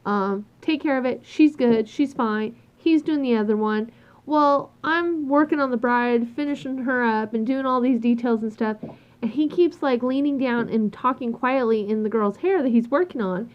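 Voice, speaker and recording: A woman with a fairly high voice, speaking at normal speed, tells a work story as a loose, exasperated rant, swearing freely and acting out what others said in animated voices. It's a casual ranting monologue, and the recording sounds dull and lo-fi.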